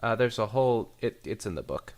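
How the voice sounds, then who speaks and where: A man with a low voice chats casually on a podcast. His pitch moves widely as he makes wry, nitpicking remarks. He sounds relaxed and dry-humored. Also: a little fast. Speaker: podcast co-host. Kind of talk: casual chat.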